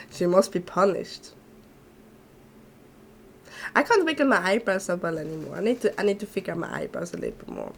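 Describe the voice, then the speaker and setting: A woman's voice: lowish voice, sing-song, rapid-fire, creaky, few pauses, slight background noise. A woman streaming a game, chatting casually and giggling often between asides. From not Australia. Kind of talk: casual gameplay chat, reading game lines aloud.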